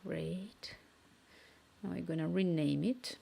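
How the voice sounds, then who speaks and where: A woman streaming herself coding, thinking aloud and dictating requests haltingly into a cheap microphone at home. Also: fairly low pitch, gravelly, mellow, breathy edge.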